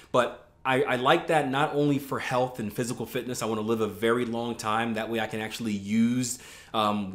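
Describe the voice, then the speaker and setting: A man's voice: mid-range voice, echoey room. A man talking as a trading coach in a casual video blog, loose and chatty with many fillers and restarts, recorded outdoors in a garden.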